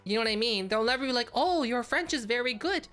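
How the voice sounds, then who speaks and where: A woman's voice: fairly high pitch, animated, quick pace, fairly bright tone, soft background music. A woman VTuber streamer chatting casually and playfully with her chat, giggling and reading names aloud.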